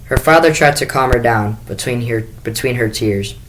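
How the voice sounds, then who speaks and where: A man's voice: mid-range voice, steady tone, normal speed, a bit bright, low-quality recording. Man reading a children's book aloud. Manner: first-person storytelling with small restarts. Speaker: school staff reader.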